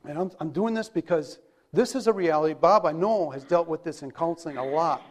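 A man preaching a sermon with a high-pitched voice. He talks in a loose, conversational way and keeps asking his listeners rhetorical questions. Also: brisk.

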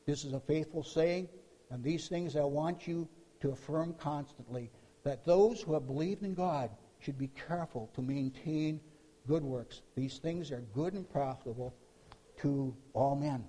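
In a large hall full of long, ringing reverb, a preacher delivers his sermon at a measured pace. His voice is high and mellow, and he recounts the story with emphatic bursts, repeating words as he presses each point.

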